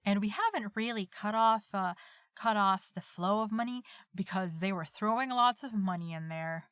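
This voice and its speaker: A woman's voice: medium pitch, normal speed, a bit bright, smooth, dry recording, studio quality. A woman playing a tabletop game, talking hesitantly with many fillers. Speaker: player. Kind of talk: casual tabletop play.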